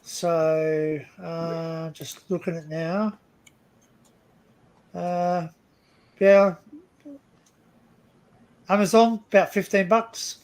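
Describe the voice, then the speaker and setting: A man's voice: sits high, flat delivery, extremely slow, pauses often, darkish tone. A man hosting a live stream, chatting casually and telling rambling anecdotes with plenty of swearing.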